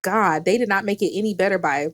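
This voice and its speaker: A woman in her thirties, a podcast co-host telling a story in casual chat, dramatic and quick to laugh and swear. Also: mid-range voice, no room sound. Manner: animated, dramatic, swears freely, laughs often.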